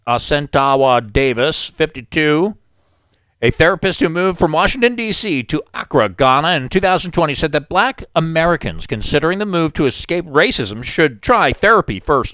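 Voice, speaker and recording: A man's voice: fairly high pitch, fairly bright tone, no echo, studio quality. Sarcastic male commentary host. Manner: sarcastic asides. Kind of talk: political commentary reading news aloud.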